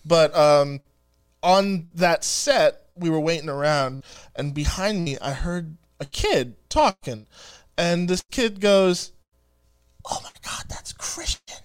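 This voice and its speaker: A young adult man in casual chat, telling lively stories and acting out what people said. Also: on the high side, slow, smooth. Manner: animated storyteller, quotes himself and others. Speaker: guest, actor.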